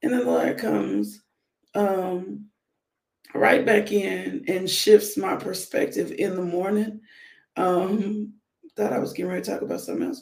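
A woman leading a live-streamed morning devotional, speaking warmly to her viewers and breaking into whoops and laughter. Her voice has a gravelly, creaky texture at mid pitch. The sound is roomy and echoey. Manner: conversational preaching, addresses viewers directly. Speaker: devotional host.

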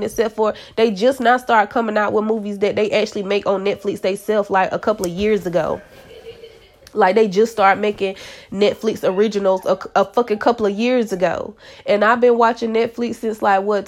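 Profane, gravelly-voiced woman podcaster. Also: medium pitch, fairly even intonation, moderate pace. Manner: profane, blunt storytelling with slang. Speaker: podcast host. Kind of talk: casual solo podcast rant. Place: at home, kids in hallway.

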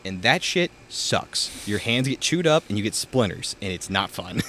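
A man's voice: fairly low pitch, very animated, normal speed, pushed and bright, a little hiss or hum. A young man, podcast co-host, telling a long story in casual chat, full of filler words and swearing, recorded outdoors. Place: outdoors in a backyard.

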